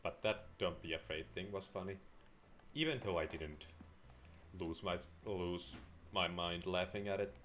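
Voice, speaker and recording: A man's voice: deep voice, measured pace, long pauses, fairly bright tone, a little hiss or hum. A man streaming a video game live, chatting with dry, sarcastic, rambling asides. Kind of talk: live gameplay commentary.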